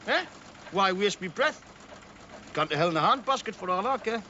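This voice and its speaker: A man's voice: sits high, animated, normal speed, sharp tone. A man playing a weary, grumbling bricklayer who has run out of patience, in a 1980s TV comedy-drama. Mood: fed up. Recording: dull lo-fi TV sound with faint hiss.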